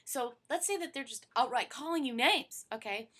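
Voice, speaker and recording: A woman stress therapist giving advice to camera in an animated way, often dropping to a soft near-whisper to demonstrate. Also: high voice, moderate pace. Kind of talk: instructional talk to camera.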